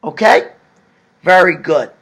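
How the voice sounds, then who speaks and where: A man's voice: high voice, expressive, slow pace, creaky, fairly bright tone. A man teaching a recorded language lesson, patiently explaining and asking the class questions. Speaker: Spanish teacher.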